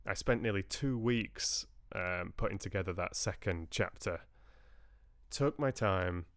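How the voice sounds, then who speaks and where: A man talks casually to his livestream viewers, wandering from thought to thought and restarting sentences. His voice sits low and sounds smooth and clear. The recording is close and dry, with no room sound around him. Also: fairly bright tone, no echo. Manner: chatty, rambling, with frequent restarts. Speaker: livestream host and audiobook reader. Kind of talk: casual chat with live viewers.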